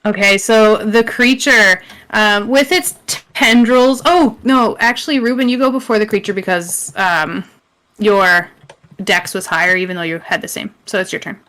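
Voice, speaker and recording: A woman's voice: mid-range voice, fairly even intonation, a bit bright. A woman narrating as game master, casual and chatty. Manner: casual, chatty, quick to laugh.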